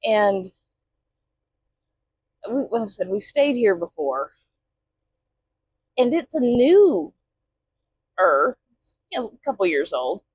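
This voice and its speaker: Slow-talking woman trucker chatting. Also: mid-range voice, sing-song, breathy edge, dry recording, muffled recording. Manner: chatty, talks to her cat. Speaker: truck driver vlogger. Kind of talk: casual vlog chat. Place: inside a truck cab.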